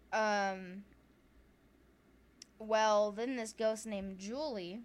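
A woman's voice: mid-range voice, fairly bright tone. A woman with a Southern US accent, co-hosting a podcast and casually retelling ghost stories, full of filler words and laughter. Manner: chatty, many "like" fillers, laughs often. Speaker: podcast co-host.

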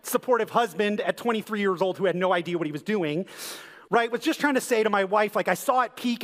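A young man preaching in a church sanctuary, his voice sitting high for a man. He talks in an earnest, conversational way and builds to fervent emphasis. The sound carries a long reverb from the hall. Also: animated, a little fast, fairly bright tone. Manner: earnest, conversational storytelling with rising intensity. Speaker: pastor. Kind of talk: sermon.

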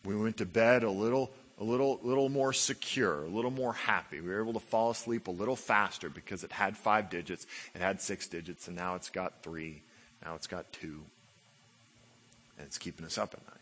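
Bright-voiced preaching man. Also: brisk, breathy edge. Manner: animated preaching, rising to loud emphasis then dropping low and quiet. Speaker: pastor. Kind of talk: sermon.

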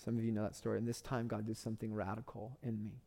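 A man's voice: on the low side, little pitch movement, very fast, gravelly, warm tone. A man, a pastor preaching a sermon with impassioned storytelling and repeated phrases for emphasis.

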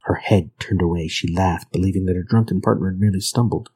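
A man reading a grim old folk tale aloud in a measured, grave manner. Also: low voice, fairly even intonation, darkish tone, breathy edge, rough recording. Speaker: narrator.

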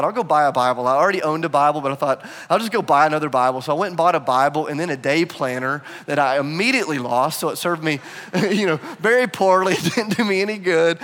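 A man preaching a sermon, telling a personal story with animated, acted-out quotes. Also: medium pitch. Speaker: pastor. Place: church hall. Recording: long hall reverb.

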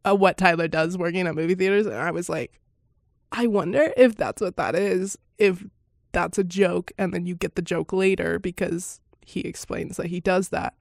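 A woman's voice: lowish voice, moderate pace, vocal fry, dry recording. Giggly, chatty woman with a dry close sound. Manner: chatty and giggly, often laughing mid-sentence; excitable, exclaiming in surprise. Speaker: podcast host. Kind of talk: casual podcast film reaction.

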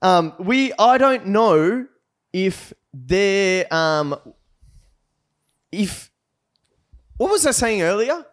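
A man with a voice that sits a little high, hosting a loose podcast chat. He rambles, trips over his own restarts, and keeps the banter rolling. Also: very animated, very slow, pauses often. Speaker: podcast host.

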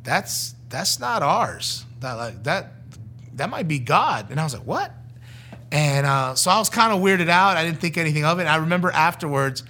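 A middle-aged man with a voice that sits a little high tells his own testimony as a former youth pastor. He tells it in a lively way and acts out each person he quotes. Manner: animated storytelling, acting out the people he quotes.

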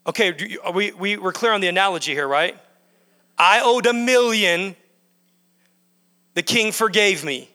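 In a church sanctuary, a male pastor preaches at normal speed in a high, bright, forceful voice, leaving long pauses. He drives his points home by repetition, building in bursts, as a long reverb from the hall rings around him.

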